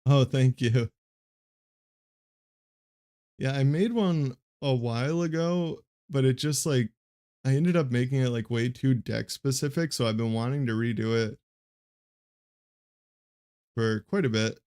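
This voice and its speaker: A young man streaming a card game match, giving casual and rambling play-by-play commentary in a flat, monotone way with lots of fillers. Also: mid-range voice, a little slow, long pauses, clear, resonant tone.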